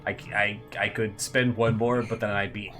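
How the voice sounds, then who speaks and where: Man, tabletop player, bright tone, stammering, chuckling. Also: on the low side, level tone, normal speed, faint music behind. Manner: stammering, laughing, self-deprecating. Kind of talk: casual tabletop game chat.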